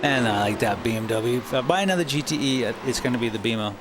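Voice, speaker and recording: A man's voice: mid-range voice, fast, heavy background noise. A man streaming a racing game, chatting casually with viewers and rambling with restarts.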